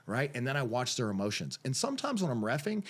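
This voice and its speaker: A man guesting on a podcast, telling stories about coaching and refereeing jiu-jitsu in a casual, animated way, acting out what people said. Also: mid-range voice, fast talker, breathy edge. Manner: animated storyteller, acts out quotes, repeats phrases. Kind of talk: casual storytelling interview.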